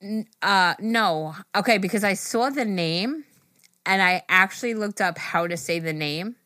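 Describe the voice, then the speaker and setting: A woman co-hosting a podcast in casual chat, talking in chatty, quick asides and laughing often. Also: mid-range voice, sharp tone, no echo, studio quality. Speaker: podcast co-host.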